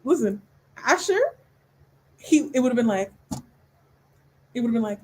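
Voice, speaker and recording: A woman's voice: fairly high pitch, a little fast, pauses often, a little hiss or hum, rough recording. A young woman hosting a book club livestream, chatting casually and animatedly, laughing often and acting out scenes in voices. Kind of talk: casual chat.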